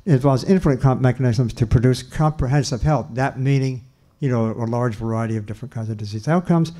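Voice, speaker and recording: Older man, lecture talk, mellow warm voice, earnest and emphatic, restarts. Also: mid-range voice, fast. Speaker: nutrition researcher giving a lecture.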